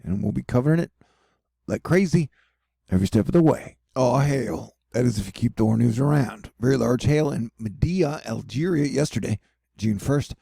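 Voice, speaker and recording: Gravelly, husky man joking through a weather update. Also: mid-range voice, expressive, normal speed, dark tone, no echo, studio quality. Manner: jokey asides, rambling and self-mocking. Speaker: weather news host. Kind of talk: casual weather commentary over maps.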